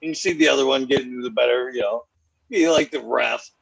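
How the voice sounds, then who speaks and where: A man's voice: mid-range voice, fast talker, creaky, husky, no room sound, dull audio. A man telling stories in casual, profane podcast chat, laughing often. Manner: profane, laughing, animated storytelling. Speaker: podcast host.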